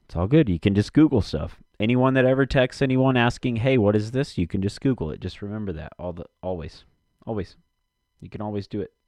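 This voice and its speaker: A man's voice: lowish voice, animated, quick pace, hardly any pauses, a little mellow, dry recording. A man rambling casually to himself and his audience from his basement, cursing often and muttering while he searches for something.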